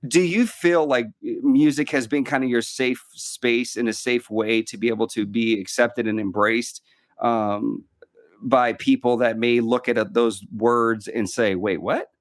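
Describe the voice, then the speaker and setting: A man's voice: medium pitch, steady tone, a little slow, no room sound, studio quality. A man hosting a conversational interview, asking earnest, rambling questions full of fillers and restarts. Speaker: podcast host.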